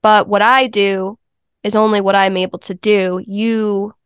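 A woman's voice: mid-range voice, little pitch movement, measured pace, clean tone, no room sound, studio quality. A woman being interviewed as a healing counselor, telling stories in an earnest, chatty way. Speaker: Ayurveda health counselor and intuitive healer, interview guest. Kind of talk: casual interview chat.

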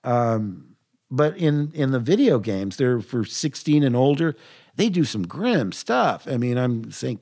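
An older man tells stories in an interview with a lively, swooping pitch. He quotes himself and others as he goes. His voice is at a medium pitch. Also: unhurried. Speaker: voice actor guest. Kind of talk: interview storytelling.

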